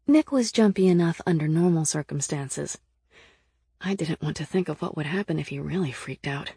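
A woman narrating a first-person audiobook in an earnest, lively storytelling manner. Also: deep voice, moderate pace, creaky, slightly rough, no echo, studio quality.

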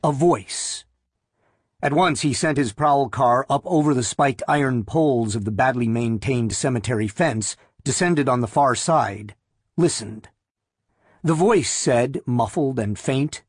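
Male narrator, audiobook, measured reading, husky voice, dry close sound. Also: mid-range voice, expressive, no room sound. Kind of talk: scripted narration.

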